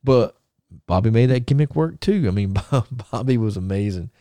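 Podcast co-host, male, mellow warm tone, dry close sound, rambling anecdotal delivery. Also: fairly low pitch, expressive, moderate pace, no room sound. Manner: rambling storyteller, many restarts and chuckles. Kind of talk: casual chat.

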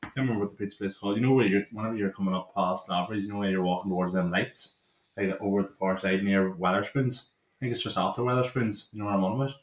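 A man's voice: fairly low pitch, fairly even intonation, rapid-fire, reverberant. A Northern Irish man in his twenties telling long, rambling stories with lots of "like" while co-hosting a casual podcast chat. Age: 20s. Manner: rambling, laughing anecdotes with lots of "like". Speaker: podcast co-host.

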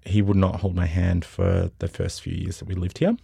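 Low gravelly-voiced Australian man. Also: normal speed, no room sound, studio quality. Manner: animated anecdotes, acts out quotes. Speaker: festival co-director, guest. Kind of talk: casual interview storytelling.

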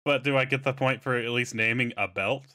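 This is a man with a middle-pitched, everyday voice. He chats loosely and tells rambling stories, swearing freely as he goes. He sounds relaxed, like he's in a comedy chat. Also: fairly quick. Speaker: contestant pitching products.

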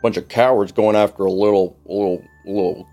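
A man's voice: on the low side, fairly even intonation, a little fast, warm tone, soft background music. A man playing a tabletop role-playing game, playful and joking, laughing often. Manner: playful, laughing, protective in-character. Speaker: player. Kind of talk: casual tabletop play.

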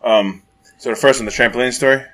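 Man, mid-pitched, rambling storyteller with lots of swearing, casual podcast chat. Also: fast talker. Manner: profane, rambling, animated when acting out moments.

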